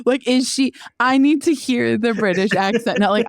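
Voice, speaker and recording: A young woman co-hosting a casual podcast, animated and laughing often as she chats. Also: fairly high pitch, moderate pace, dry recording, studio quality. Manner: excitable, laughs a lot, animated disbelief. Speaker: podcast co-host. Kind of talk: casual chat.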